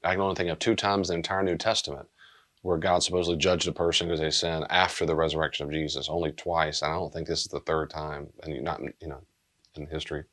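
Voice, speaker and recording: A man's voice: very deep voice, flat delivery, fast, fairly bright tone. A man speaking as a pastor, giving a conversational, blunt talk on pastoral care and acting out short bits of dialogue.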